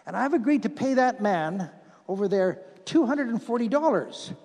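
A man with a very high voice preaches to a congregation, chatting with volunteers in a folksy way, then driving his points home with loud emphasis. His voice rings with a long hall reverb. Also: lively intonation, moderate pace. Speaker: pastor. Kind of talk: sermon with audience participation.

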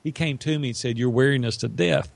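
A man's voice: mid-range voice, quick pace, gravelly, no room sound. A middle-aged man, a podcast guest, telling an earnest personal story and acting out what others said. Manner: earnest, animated storyteller who acts out quotes. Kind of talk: storytelling in an interview.

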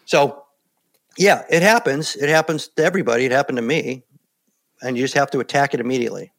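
Older male interview guest, gravelly tone, calm and plain-spoken, a steady storyteller. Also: medium pitch, quick pace. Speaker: guest, former Navy SEAL. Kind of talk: casual interview talk.

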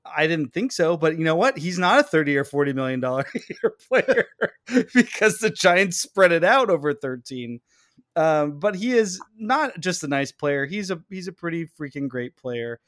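A man's voice: fairly high pitch, very animated, moderate pace, fairly bright tone, no echo, clean studio sound. A man hosting a casual sports podcast, rambling and correcting himself with frequent laughs. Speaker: podcast host.

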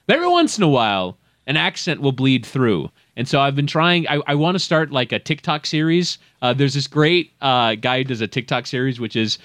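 A man's voice: mid-range voice, big pitch swings, brisk, hardly any pauses, a bit bright, no room sound, studio quality. A man chatting casually on a podcast, a chatty storyteller who wanders into tangents. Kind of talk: casual chat.

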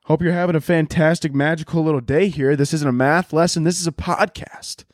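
A man's voice: a little high, fairly even intonation, brisk, dry recording, clean studio sound. A man hosting a solo podcast from home, riffing in loose, profane, rambling comic rants. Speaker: podcast host. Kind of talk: casual solo podcast monologue.

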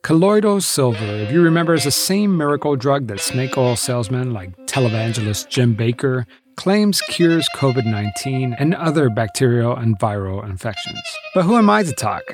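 A man's voice: medium pitch, very animated, moderate pace, few pauses, over music. A man hosting and narrating a documentary, with a wry, incredulous delivery. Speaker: host.

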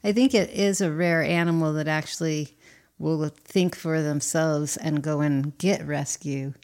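A woman's voice: low-pitched, fairly even intonation, measured pace, a little mellow. A woman co-hosting a podcast in casual chat, asking follow-up questions and agreeing readily.

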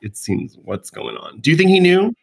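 A podcast co-host chatting about celebrity gossip, with a very lively, swooping pitch. They laugh a lot and keep reacting with open disbelief. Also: moderate pace, creaky. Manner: laughs often, incredulous reactions. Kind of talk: casual gossip chat.

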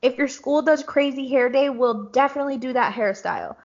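A woman co-hosting a podcast in casual chat, talkative and quick to laugh. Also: high voice. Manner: chatty, laughs easily. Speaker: podcast co-host. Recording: dull lo-fi recording.

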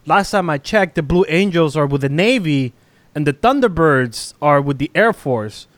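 A man with a somewhat high voice joins a casual podcast conversation. He questions the host and sets the facts straight. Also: animated, moderate pace. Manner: questioning, correcting. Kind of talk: casual chat.

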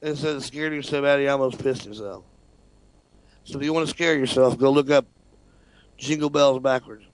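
A man's voice: medium pitch, normal speed, long pauses, smooth. A man co-hosting a casual radio talk show, telling a story with lots of laughter and swearing. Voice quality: animated, swearing, laughs often.

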